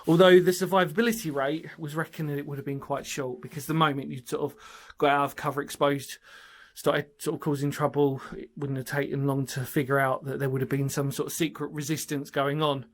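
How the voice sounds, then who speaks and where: Exploring a little underground brick bunker in woodland by himself, a man chats to his channel at a fairly quick clip with few pauses. His voice is fairly high and level in tone, and he rambles with evident enthusiasm.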